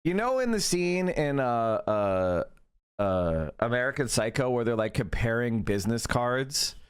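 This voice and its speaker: A man hosting a live stream, giving political commentary in an animated, profane rant full of tangents. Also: mid-range voice, unhurried, clean tone. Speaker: streamer host.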